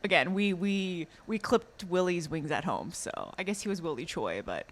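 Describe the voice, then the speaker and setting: A woman co-hosting a podcast, recapping a drama in casual chat, animated with many fillers and laughs. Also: on the low side, normal speed. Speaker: podcast co-host.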